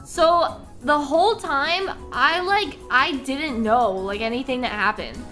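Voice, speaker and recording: A young woman chats casually on a live stream, rambling and giggly, tripping over her words and restarting often. Her voice sits high and sounds bright and sharp. A faint bed of music plays underneath. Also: unhurried. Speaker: VTuber streamer.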